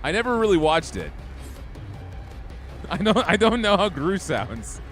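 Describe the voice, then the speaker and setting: A man's voice: sits high, big pitch swings, a little slow, a bit bright, soft background music. Easygoing young man streaming a game. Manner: easygoing, chatty, talks to chat. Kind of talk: casual gameplay chat.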